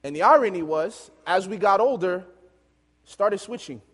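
A male preacher tells a story from the pulpit with lively energy, breaking into laughter along the way. His voice sits a bit higher than most men's, and it rings out into a long, echoing hall. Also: normal speed. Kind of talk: storytelling sermon.

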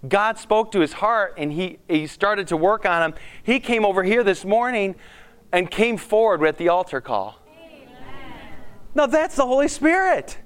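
A man, a school principal, giving a lively devotional talk to a live audience, often restarting his sentences and acting out his own prayers. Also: sits high, clear, resonant tone. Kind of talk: sermon-style devotional talk.

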